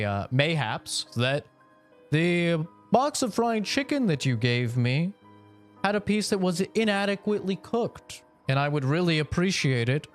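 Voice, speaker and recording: This is an exaggeratedly formal, courteous male customer, as a man puts him on. He makes a polite complaint in slow, stilted phrasing. Faint music plays underneath. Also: a little high.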